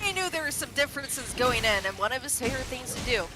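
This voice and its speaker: A woman streamer telling a story in casual chat, animated, laughing and swearing freely. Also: high voice, fast talker, music in the background.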